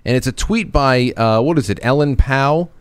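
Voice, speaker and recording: Halting male podcast host. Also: medium pitch, smooth, dry recording, studio quality. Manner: halting, restarts sentences often. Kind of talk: casual chat.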